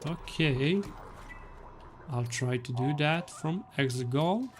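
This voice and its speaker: A man's voice: on the high side, slow pace. A man with a non-native English accent that is often taken for Slavic, streaming gameplay live and chatting playfully with viewers. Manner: playful, teasing, animated. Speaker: gaming streamer.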